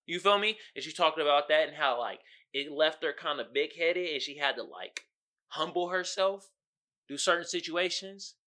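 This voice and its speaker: A male podcast host giving casual, slangy commentary, animated and often asking "you feel me". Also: on the high side, moderate pace. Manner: animated, acts out quotes loudly.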